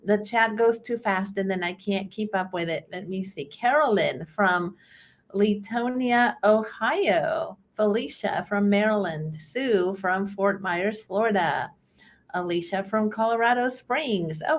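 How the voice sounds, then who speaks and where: A woman from Texas hosting a live webinar, greeting viewers in a friendly, chatty way with frequent fillers. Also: medium pitch. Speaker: webinar host.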